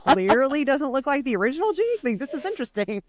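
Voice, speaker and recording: A woman's voice: high-pitched, big pitch swings, quick pace, background noise. A woman hosting a podcast interview who sums up her guest's ideas in a thoughtful way. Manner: thoughtful, sums up what she hears. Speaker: host. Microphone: video call. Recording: dull lo-fi video-call audio.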